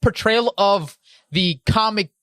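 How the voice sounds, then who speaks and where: A man co-hosting a podcast in casual chat, animated and slangy, swearing freely. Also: sits high, slow pace, no room sound, studio quality. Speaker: podcast co-host.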